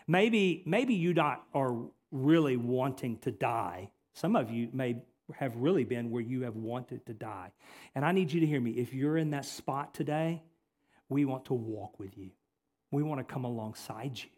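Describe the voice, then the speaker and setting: A male pastor preaching a sermon, repeating key phrases and swinging between forceful emphasis and hushed, earnest passages. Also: mid-range voice, expressive, measured pace.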